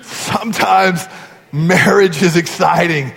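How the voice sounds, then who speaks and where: High-voiced pastor preaching in a reverberant hall. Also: male voice, slow pace, vocal fry, a bit bright. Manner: earnest, conversational storytelling. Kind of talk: sermon.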